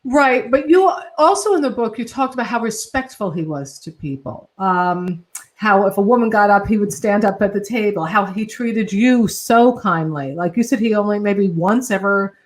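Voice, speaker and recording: A woman's voice: medium pitch, moderate pace. A woman interviewing a guest, responsive with short affirmations.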